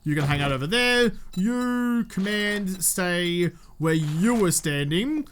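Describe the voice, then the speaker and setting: A man's voice: high-pitched, expressive, slow pace, a bit bright. Young Australian man, gaming commentary, chatty and jumpy, faint hiss behind. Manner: chatty, jumpy, talks to game characters. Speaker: gaming YouTuber. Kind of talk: let's play commentary.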